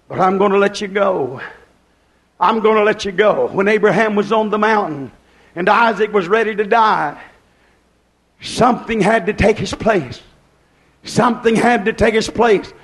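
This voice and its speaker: Preacher guy, really high voice, fiery sermon, yells then goes quiet. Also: normal speed. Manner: impassioned, shouting in bursts, then hushed.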